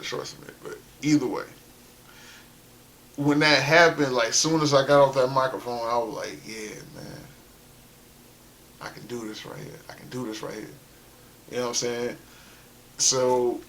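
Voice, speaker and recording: A man's voice: medium pitch, bright, forceful tone. Laid-back man telling stories. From South Carolina, US. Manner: loose and conversational, heavy on fillers like "you know" and "like". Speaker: rapper telling his life story. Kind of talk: casual spoken storytelling.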